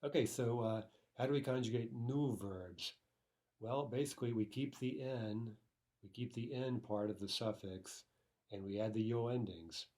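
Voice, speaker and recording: A man teaching a recorded language lesson, explaining step by step with frequent "right?" and "okay", slowing down to sound out word forms. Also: medium pitch, darkish tone. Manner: slows to spell out Russian word forms.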